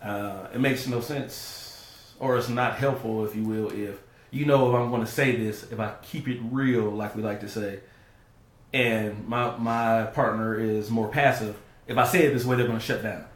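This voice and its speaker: A man's voice: lowish voice, fairly even intonation, moderate pace. A man co-hosting a casual advice talk with his wife, earnest, often restarting his sentences. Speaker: co-host, husband. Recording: echoey room.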